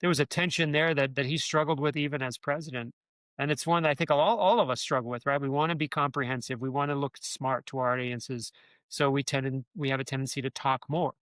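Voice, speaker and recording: A man's voice: medium pitch, steady tone, fairly quick, a bit bright, no echo. A man, a former speechwriter, telling stories in an interview, rambling with many restarts and filler words. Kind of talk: conversational interview storytelling.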